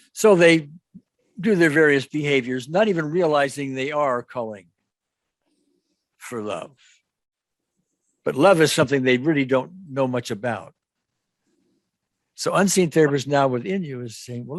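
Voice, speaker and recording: Guy coaching someone thru a guided visualization, slow and gentle, repeats words, mid-pitched voice, dry close sound. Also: dry recording. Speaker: EFT practitioner. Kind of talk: guided imagery therapy session.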